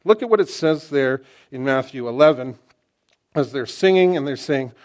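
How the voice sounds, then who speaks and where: A middle-aged man preaching a sermon in an animated, excitable, conversational way, often restarting his sentences. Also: mid-range voice, normal speed.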